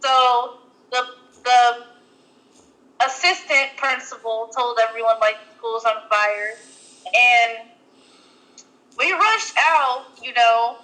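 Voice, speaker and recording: A woman's voice: on the high side, slow pace, pauses often, pushed and bright, poor audio. A young adult woman co-hosting a podcast, telling a story casually and rambling with lots of "like" fillers and restarts. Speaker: podcast co-host.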